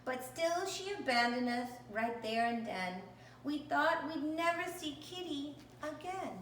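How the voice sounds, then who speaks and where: A woman reads a picture book aloud in a slow, unhurried way, now and then pausing to talk about the pictures. Her voice is bright and rises and falls a lot. The recording sounds roomy and distant, with faint background noise. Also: high-pitched. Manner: animated, stops to point out the pictures. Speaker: storybook reader. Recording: echoey room, distant mic.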